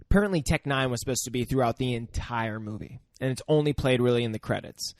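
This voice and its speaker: Male podcast co-host, mid pitch, laid-back and jokey, dry close mic. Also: no echo. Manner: laid-back, joking, quick agreement. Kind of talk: casual movie-review chat.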